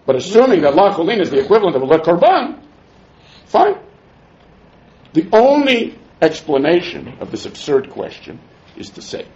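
Guy teaching talmud class, high voice that jumps all over, kinda sarcastic, muffled lo-fi recording. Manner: animated, exasperated, sarcastic teaching with Hebrew-Aramaic terms.

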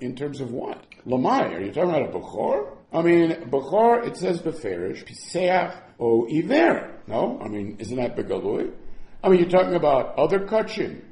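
A man's voice: a little high, darkish tone, roomy sound, a little hiss or hum. A man teaching a Talmud lesson, asking and answering questions back and forth as he explains.

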